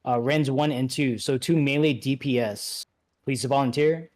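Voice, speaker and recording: A man leading an online game raid, giving relaxed instructions with many fillers and restarts. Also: mid-range voice, normal speed. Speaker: raid leader. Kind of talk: casual instructions over voice chat.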